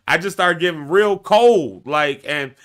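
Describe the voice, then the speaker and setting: Animated, bright-voiced male live-stream host. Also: a little high, a little slow. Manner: animated, laughing, talks straight to viewers. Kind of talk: casual live-stream monologue.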